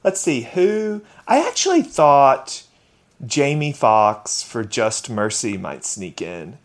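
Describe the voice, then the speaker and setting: A man's voice: mid-range voice, big pitch swings, takes it slowly. Chatty man, gossipy podcast guest. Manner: chatty, gossipy, full of fillers. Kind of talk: casual chat.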